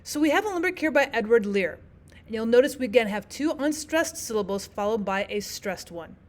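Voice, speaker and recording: A woman explaining poetic meter in a lesson, walking through examples and slowing down to read lines of verse aloud. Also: a little high, lively intonation. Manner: clear, measured teaching delivery, slows to read verse aloud. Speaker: teacher. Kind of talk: explaining poetry lesson over slides.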